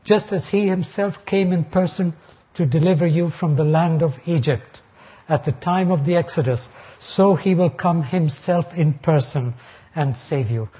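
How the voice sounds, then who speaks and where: A man preaching an expository sermon, reading Bible verses slowly and then explaining them deliberately. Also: on the high side, slightly rough. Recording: dull lo-fi recording.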